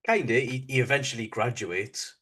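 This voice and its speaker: A man with a Northern English accent co-hosting a casual chat, telling stories in a relaxed way with many fillers. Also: mid-range voice, normal speed, slightly rough. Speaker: podcast co-host.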